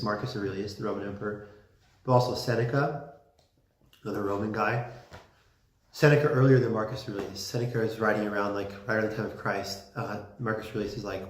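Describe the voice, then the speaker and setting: A man giving a casual classroom lecture, chatty and full of fillers, with lively emphasis. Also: lowish voice, fast talker, a little hiss or hum. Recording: roomy classroom echo.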